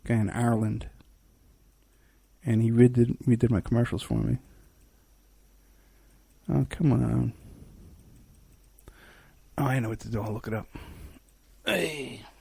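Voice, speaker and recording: A male talk-show host with a gravelly, rough-edged voice and a husky, breathy tone. He rambles along in an off-the-cuff monologue and often stops and restarts his sentences. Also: mid-range voice, a little slow, long pauses, warm tone, no echo. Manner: rambling, with frequent restarts and fillers.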